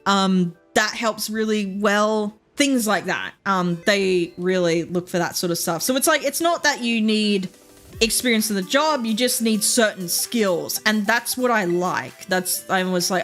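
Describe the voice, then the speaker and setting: A young Australian woman with a Queensland accent chats to her stream at mid pitch. She rambles, restarts her sentences and giggles often, with a little music faint in the background. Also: a little slow, fairly bright tone. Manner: rambling, giggly, lots of fillers. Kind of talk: casual live-stream chat.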